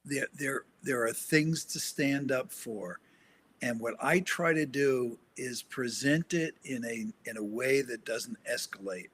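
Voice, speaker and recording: A man's voice: mid-range voice, unhurried, fairly bright tone, slight background noise. An older man speaking as the guest counselor in an interview, direct and storytelling. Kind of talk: interview conversation.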